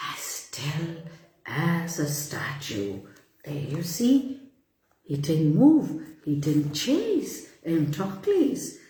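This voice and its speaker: A woman reading a bedtime story to children, animated and stopping to ask the listeners questions. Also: deep voice, reverberant.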